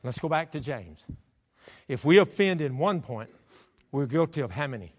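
A man's voice: medium pitch, sing-song, normal speed. A male pastor preaching a fervent sermon in a church, calling on the congregation to answer back. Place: church sanctuary. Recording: echoey church sanctuary.

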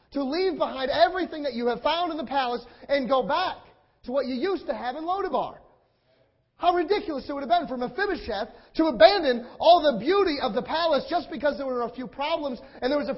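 A man with a very high, husky voice preaches a sermon with passion, stacking repeated phrases into rhetorical build-ups and acting out what people say. The recording sounds dull and lo-fi. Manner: impassioned, repetitive rhetorical build-ups, acts out quotes.

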